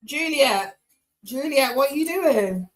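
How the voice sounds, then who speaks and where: A woman's voice: high-pitched, lively intonation, slow, low-quality recording. A woman hosting a live tarot stream, chatting casually with viewers by name in slangy, loose talk.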